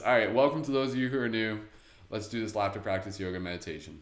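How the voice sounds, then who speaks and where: A man's voice: fairly low pitch, steady tone, fairly quick. Chatty man leading a livestreamed meditation. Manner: casual, chatty, laughs often. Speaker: meditation host. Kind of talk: live-streamed guided meditation. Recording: echoey room.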